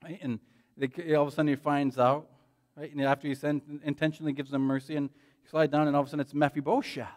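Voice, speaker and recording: Animated male pastor preaching. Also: fairly high pitch, fast. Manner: animated, frequent "right?" tag questions. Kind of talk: sermon. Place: church.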